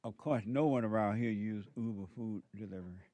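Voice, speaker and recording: A man's voice: on the low side, a little fast, mellow, dry recording. A man hosting a call-in radio show, giving spiritual advice in a drawling, preachy way with frequent chuckles.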